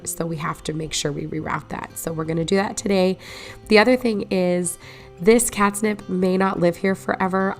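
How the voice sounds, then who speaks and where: A woman vlogger in a low morning voice, chatting through a casual voice-over narration of her garden project and explaining each step as she goes. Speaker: home makeover vlogger. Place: voice-over recorded while editing.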